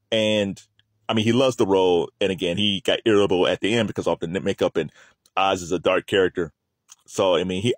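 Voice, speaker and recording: A man's voice: low-pitched, dry recording, studio quality. A man hosting a video, talking casually and laughing often as he chats to the camera. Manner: animated, laughs often, loose and chatty. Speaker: video host.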